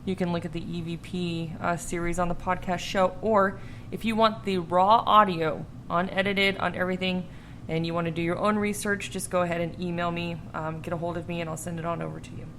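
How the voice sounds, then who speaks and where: A woman's voice: fairly low pitch, fairly even intonation, fairly quick, a bit bright, a little hiss or hum. A woman hosting a podcast in casual chat, laughing often and swearing freely. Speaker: podcast host.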